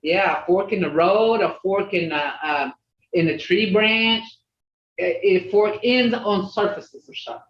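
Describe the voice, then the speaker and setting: An older woman teaching an online language class, patiently repeating words slowly for her learners. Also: medium pitch, far from the mic. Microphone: video call. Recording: roomy lo-fi video call audio from off-mic.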